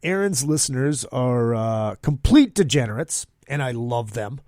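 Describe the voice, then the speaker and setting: A man's voice: medium pitch, animated, a little slow, a little mellow, no room sound, clean studio sound. A man hosting his own podcast, talking casually in an upbeat, rambling way with plenty of fillers. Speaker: podcast host. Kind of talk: casual solo podcast monologue.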